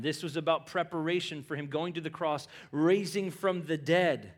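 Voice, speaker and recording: Middle-aged male pastor, slightly high voice, dynamic preaching that shifts from hushed asides to emphatic peaks. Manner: acts out quoted lines in conversational voices. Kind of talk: sermon.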